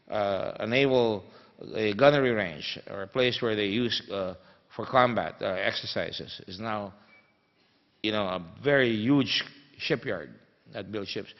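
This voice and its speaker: Emphatic man, lower voice, echoing hall. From Philippines. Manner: storytelling, emphatic, many fillers. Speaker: guest speaker. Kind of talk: anecdotal conference speech. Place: conference hall. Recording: dull sound in a reverberant hall.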